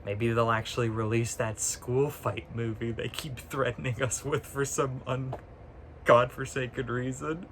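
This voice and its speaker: A man's voice: mid-range voice, fairly even intonation, unhurried, a little hiss or hum. Sarcastic, ranting man on a phone mic. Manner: ranting, sarcastic, swears freely; laughs often mid-sentence. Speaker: vlogger. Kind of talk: casual chat.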